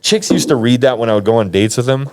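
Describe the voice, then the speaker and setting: A man's voice: mid-range voice, fast, a little mellow. A man telling a wild life story as a podcast guest, slangy and rambling, with many restarts. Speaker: guest, pro fighter. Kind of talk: casual storytelling. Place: podcast studio.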